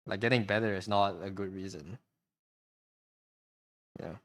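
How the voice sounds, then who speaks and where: A man's voice: lowish voice, fairly even intonation, unhurried, fairly bright tone, dry recording. A man streaming live while he draws, talking casually in a hesitant, rambling way, full of restarts and repeated words. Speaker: streamer and artist.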